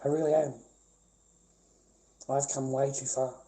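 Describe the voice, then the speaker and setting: A man with an Australian accent rants on a livestream, profane and confrontational, circling back to the same points again and again. His voice sits at an ordinary middle pitch with a dark, mellow tone. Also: level tone, a little slow. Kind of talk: angry livestream rant.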